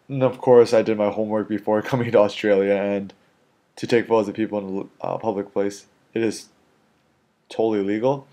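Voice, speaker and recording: A man's voice: fairly low pitch, steady tone, brisk, dark tone. A man who is a street photographer, telling a casual story in a rambling way, full of "you know". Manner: rambling, filler-heavy with frequent "you know".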